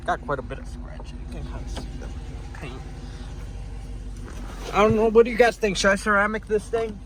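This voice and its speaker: A man's voice: high voice, animated, normal speed, fairly bright tone, poor audio. A young man vlogging casually from behind the wheel, joking and rambling in slangy, profane chat. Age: young adult. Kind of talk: casual POV driving vlog chat. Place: inside a car while driving.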